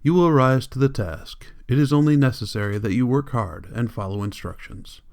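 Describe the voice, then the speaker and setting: A man's voice: mid-range voice, moderate pace, a little mellow, close to an everyday voice. A man reading an audiobook, voicing a cold, commanding political leader who lectures in an icy, insistent way. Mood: lecturing.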